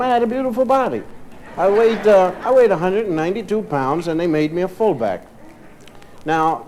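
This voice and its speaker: A man telling a long comic story on stage, acting out the other voices in the tale. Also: a little high. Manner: animated storyteller, acting out both sides of dialogue. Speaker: stand-up comedian. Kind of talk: stand-up storytelling to a live audience. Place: live stage with audience laughter. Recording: vintage vinyl live recording with faint hiss.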